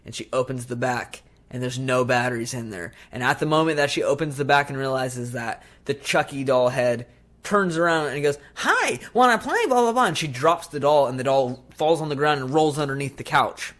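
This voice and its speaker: Male podcast co-host, mid-pitched, lively storyteller. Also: a little fast. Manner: animated retelling, acts out movie lines. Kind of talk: casual chat.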